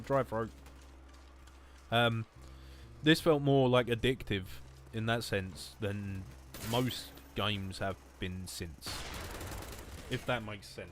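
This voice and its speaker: A man's voice: fairly low pitch, slow pace, pauses often, a little hiss or hum. A man with an Essex accent, rambling and swearing in a jokey way while streaming a shooter game. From England. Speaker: gaming streamer. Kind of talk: casual livestream commentary. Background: game gunfire.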